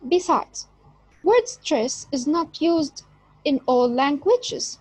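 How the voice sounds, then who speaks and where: A woman teaching an English lesson, speaking deliberately and stressing key words. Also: high-pitched, animated, darkish tone, no echo, low-quality recording. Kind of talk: slow explanatory lesson.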